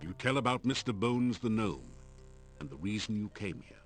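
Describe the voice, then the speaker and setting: A man narrating a video game in a dry, measured tone. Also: fairly low pitch, lively intonation, natural voice. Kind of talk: scripted narration.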